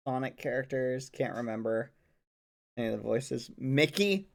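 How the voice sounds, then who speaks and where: Guy streamer chatting to chat, laid back and joking, takes his sweet time. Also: mid-range voice. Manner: relaxed, unhurried, joking. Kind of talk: casual chat with viewers.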